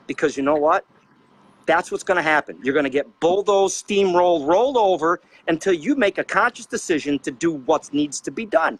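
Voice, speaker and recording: A middle-aged man delivering an impassioned rant on a panel show, his voice sitting slightly high. He preaches with fiery anger and hammers his listeners with rhetorical questions. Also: a little fast, a bit bright, poor audio. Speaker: trucker advocate on a panel show.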